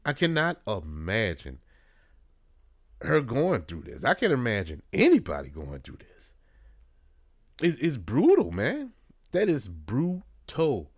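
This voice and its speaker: A man's voice: mid-range voice, huge pitch swings, slow, long pauses, slightly rough, dry recording. Earnest New man, dry studio. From New Orleans. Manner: conversational, many fillers, earnest. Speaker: radio host. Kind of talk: casual spoken commentary.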